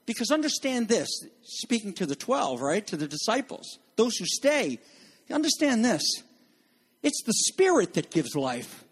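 Casting: middle-aged male pastor, high tenor, lively sermon delivery. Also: measured pace, husky. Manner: animated, acts out quoted voices.

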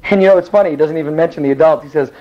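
A man teaching a Bible story in a lively, rambling way, often restarting his sentences. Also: fairly high pitch, racing, dull audio. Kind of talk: animated Bible storytelling lesson.

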